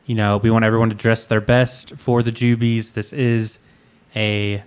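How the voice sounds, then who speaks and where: Male podcast co-host, playful mock-fancy announcer, smooth clear voice. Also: on the low side, little pitch movement, normal speed. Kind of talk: casual comedic chat.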